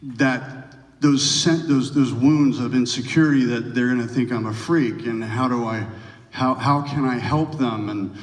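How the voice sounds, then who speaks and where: A man being interviewed on stage at a large venue, telling rambling anecdotes and breaking into animated impressions. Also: medium pitch, measured pace. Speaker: guest actor. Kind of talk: onstage interview. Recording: roomy hall, distant mic.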